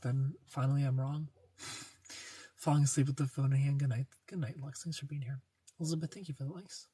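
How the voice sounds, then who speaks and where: A man's voice: fairly high pitch, a little mellow, husky, dry recording. A young man hosting a casual livestream, reading viewer comments and joking playfully, greeting people by name. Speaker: livestream host reading chat.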